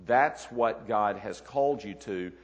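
A man's voice: lowish voice, unhurried. Man giving a conference address in a hall. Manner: earnest, with frequent fillers and restarts. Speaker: conference leader. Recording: long hall reverb.

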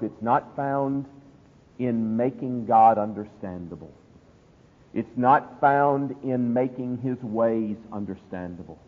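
Husky preacher in an echoey hall. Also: male voice, mid-range voice. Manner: impassioned preaching, swinging from loud climbs to hushed drops. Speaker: pastor. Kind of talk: sermon. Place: church. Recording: husky voice over a tinny, echoey hall line.

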